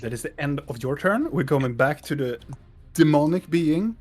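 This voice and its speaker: A man's voice: on the high side, animated, moderate pace, a little mellow. A man running a tabletop game as game master, describing scenes unhurriedly and laughing often.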